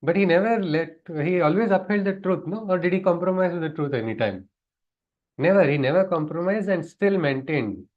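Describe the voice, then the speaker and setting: A man's voice: high-pitched, brisk, muffled recording. A man teaching a class on scripture, in a conversational way, often putting questions to his listeners and chuckling. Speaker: spiritual teacher. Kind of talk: lecture on scripture.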